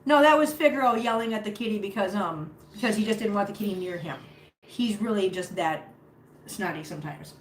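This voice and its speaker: A woman's voice: medium pitch, fairly quick. Chatty woman streaming among her cats. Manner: rambling, chatty, with many fillers and restarts. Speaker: cat rescuer streaming live. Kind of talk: casual live-stream chat. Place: home, sitting on the floor among cats. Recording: roomy home recording, faint background hum.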